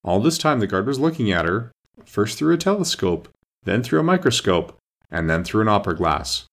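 A man narrating a children's storybook aloud with an expressive, lively delivery. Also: fairly low pitch, moderate pace. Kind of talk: storybook reading.

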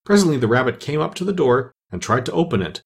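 Expressive male audiobook narrator, very lively pitch, slightly husky. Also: fast talker. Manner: expressive storytelling.

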